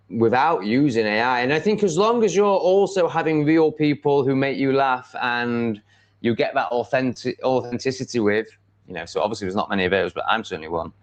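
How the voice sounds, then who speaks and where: Rambling, blunt Englishman on a livestream. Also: mid-range voice. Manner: rambling, blunt and self-assured, with many fillers. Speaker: livestream host. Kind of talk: casual live chat. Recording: dull lo-fi stream audio.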